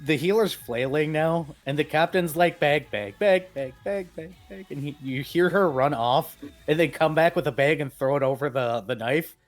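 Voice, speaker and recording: A man running a tabletop game as game master, narrating animatedly and jumping into shouted character voices. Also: fairly high pitch, moderate pace, hardly any pauses, soft background music. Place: home streaming setup.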